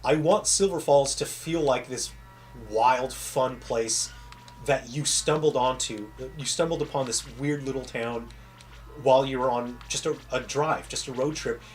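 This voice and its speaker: A man's voice: mid-range voice, measured pace, soft background music. A man who is a game developer, chatting casually with viewers on a livestream and trailing off and restarting mid-sentence, with a faint Southern American accent. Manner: rambling, self-interrupting storyteller.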